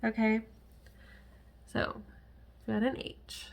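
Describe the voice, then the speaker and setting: A woman's voice: fairly high pitch, flat delivery, extremely slow, vocal fry. A woman chatting casually to camera at home as a cross-stitch vlogger, rambling with frequent laughs and asides.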